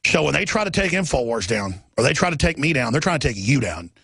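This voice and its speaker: A man's voice: medium pitch, very animated, quick pace, creaky, fairly bright tone, slightly rough, no room sound. A middle-aged man hosting a talk radio show, ranting in an agitated monologue full of rhetorical questions.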